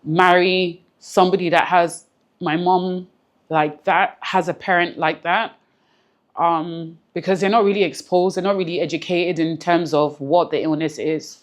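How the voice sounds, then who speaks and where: Woman with a really low voice, earnest interview talk, keeps repeating herself for emphasis. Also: steady tone, measured pace. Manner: close to tears at times. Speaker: interview guest. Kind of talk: emotional personal interview.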